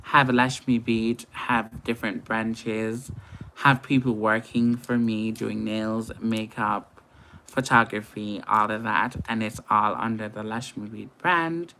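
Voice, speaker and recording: A woman's voice: very deep voice, steady tone, slow, a bit bright, slight background noise. A young woman from Antigua with a Caribbean accent, chatting casually with viewers on a late-night makeup livestream, laughing often. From Antigua and Barbuda.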